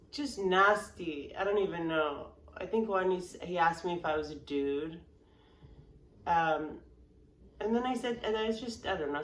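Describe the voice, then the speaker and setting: A woman in her forties talking casually to camera as a yoga vlogger, frank and rambling, with many fillers and restarts. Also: lowish voice. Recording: roomy sound from a distance with faint background noise.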